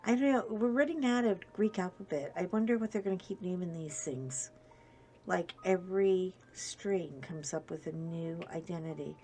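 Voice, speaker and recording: A woman's voice: fairly low pitch, normal speed, a little mellow, a little hiss or hum. A woman vlogger chatting casually to viewers while she works on a craft project, rambling along with self-deprecating humor.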